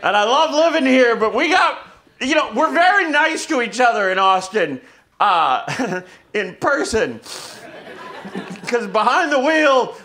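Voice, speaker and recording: A man performing a loud, profane stand-up comedy set, laughing as he tells his stories on a club stage. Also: very high-pitched, big pitch swings, measured pace. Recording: live club recording with crowd noise.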